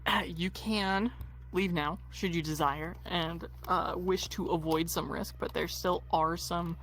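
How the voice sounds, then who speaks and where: Low-voiced woman game master. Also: fairly even intonation, a bit bright. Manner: halting, filler-heavy briefing. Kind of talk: narrating a tabletop role-play.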